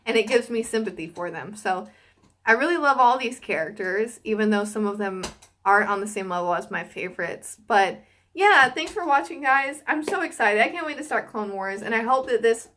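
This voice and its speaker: A young woman talks casually to her channel's viewers. She gushes with excitement and peppers her talk with fillers, in a voice sitting a little high. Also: normal speed, a little hiss or hum. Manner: gushing and excitable, lots of fillers. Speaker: YouTuber reacting to a film series. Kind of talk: casual chat to camera.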